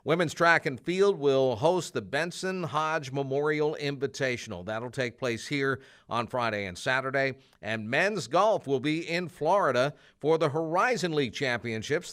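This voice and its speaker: A man hosting a college athletics show, chatting relaxed with fillers and restarts. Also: medium pitch. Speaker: host. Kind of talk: casual interview and sports news roundup.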